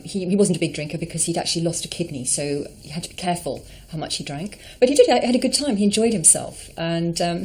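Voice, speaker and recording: A woman's voice: fairly low pitch, darkish tone. A middle-aged woman fondly reminiscing in an interview, with many ums and you knows. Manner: fond, hesitant, full of ums and you knows.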